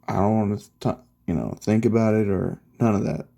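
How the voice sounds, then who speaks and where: A man's voice: lowish voice, brisk, gravelly, mellow. A man voicing a blunt, confident teenage boy hero in a loose, slangy, profane manner.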